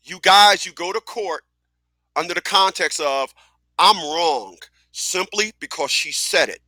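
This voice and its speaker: Radio host, man, high bright voice, emphatic and profane, dry booth. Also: animated, unhurried, no echo. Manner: blunt, emphatic, profane, repetitive. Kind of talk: casual talk radio monologue.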